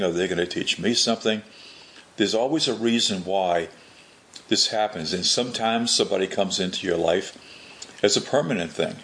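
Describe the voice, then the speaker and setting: A man with a low, gravelly voice delivers a religious teaching at an unhurried pace. He often restarts his phrases and repeats words as he works through a point. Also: a bit bright, a little hiss or hum. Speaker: Catholic preacher.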